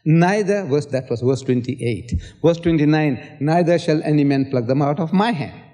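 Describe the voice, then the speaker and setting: A man's voice: on the high side, moderate pace, mellow. An older man from South Africa in a public debate, lecturing and quoting scripture at length, with sarcastic asides. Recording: old hall recording with long reverb.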